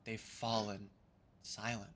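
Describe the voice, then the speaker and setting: A man voicing an ancient, mouthless vine spirit in a tabletop game, speaking slowly and with cool menace. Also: fairly low pitch, little pitch movement, a bit bright, a little hiss or hum. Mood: sorrowful. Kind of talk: tabletop game role-play.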